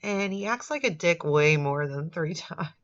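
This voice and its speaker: Low, slow-talking sardonic woman. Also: expressive. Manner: sardonic, laughing asides. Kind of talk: comic commentary on a chat log. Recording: dull lo-fi recording.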